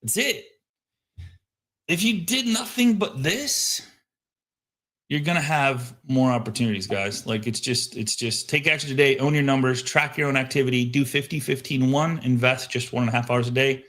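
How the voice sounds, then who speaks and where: A man hosting a live show, coaching listeners on sales outreach and telling lively stories of his phone calls. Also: medium pitch, normal speed. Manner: animated storyteller acting out phone calls. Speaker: host. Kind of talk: casual coaching talk. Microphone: headset microphone.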